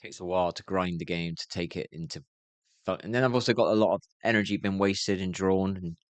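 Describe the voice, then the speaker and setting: A worn-out gaming streamer in his fifties rambles to himself, yawning and muttering. His voice sits deep and low, and the sound is dry and close, with no room around it. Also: fairly even intonation, brisk, no echo. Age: 50s. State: tired, yawning. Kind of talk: rambling livestream monologue.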